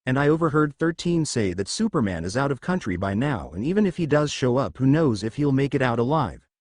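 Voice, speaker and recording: A man voicing a calm, blunt teen girl student who speaks flatly and matter-of-factly, in a fan story reading. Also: mid-range voice, brisk, no room sound, studio quality. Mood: grim.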